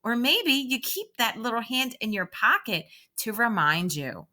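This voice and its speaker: A woman teacher reading a picture book aloud to young children and guiding them through a calming exercise in a slow, sing-song way. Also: on the high side.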